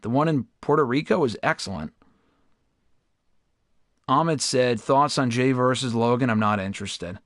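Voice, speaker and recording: A man's voice: medium pitch, moderate pace, pauses often, dry recording, clean studio sound. A young man hosting a game livestream, chatting casually with viewers and swearing in frustration at the game. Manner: chatty, profane, erupts into loud frustrated outbursts. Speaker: gaming livestream host. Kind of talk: casual livestream commentary while playing.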